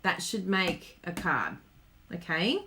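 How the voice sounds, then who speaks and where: Speaking slowly in a lowish, sing-song voice that's bright and forceful, an Australian woman runs a live-streamed card-making demo. Between giggles she chats with her audience, reading their comments aloud as she works.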